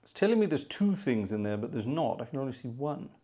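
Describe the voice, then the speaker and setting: A chatty man hosts a live organ music stream, his warm, mid-range voice moving fast with big pitch swings. In casual live-stream chat, he narrates his tech troubleshooting as he goes and mutters exasperated asides under his breath.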